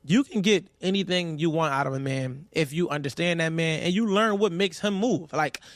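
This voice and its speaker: High-voiced man, blunt podcast talk. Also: moderate pace, no echo. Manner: candid, profane, giving blunt relationship advice; lively storyteller. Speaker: podcast co-host. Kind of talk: casual podcast chat.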